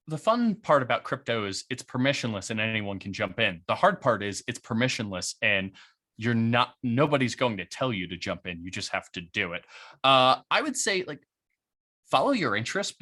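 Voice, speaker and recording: A man's voice: medium pitch, normal speed. A man being interviewed on a podcast, talking casually about his work with plenty of fillers. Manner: relaxed, chatty, many fillers and likes. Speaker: guest, head of strategy at a crypto firm.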